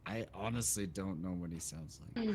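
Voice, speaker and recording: A man's voice: low-pitched, normal speed. A man co-hosting a podcast, chatting casually in a laid-back way. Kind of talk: casual chat.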